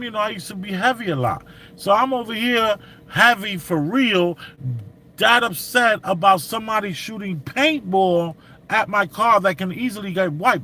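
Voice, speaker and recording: Animated New man, slightly high voice. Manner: animated, slangy street talk. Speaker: vlogger. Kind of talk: commentary and storytelling.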